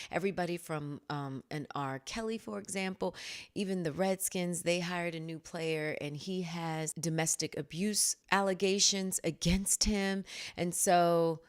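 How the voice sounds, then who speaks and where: A woman in her thirties hosting a podcast in a casual solo chat, laughing often and acting out quotes in a higher voice. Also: fairly bright tone, clear, resonant tone. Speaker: podcast host.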